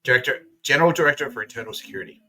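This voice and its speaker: Male podcast host, bright edgy tone, profane sarcastic rant with laughs. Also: mid-range voice, animated, very fast, rough recording. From Australia. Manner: profane, sarcastic, laughs through his words. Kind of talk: casual ranting monologue.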